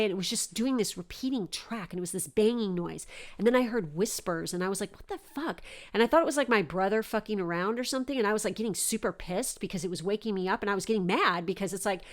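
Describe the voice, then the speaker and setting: Young woman podcast host, casual storyteller, animated and profane delivery, mid-range voice. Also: mid-range voice. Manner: animated, swears often.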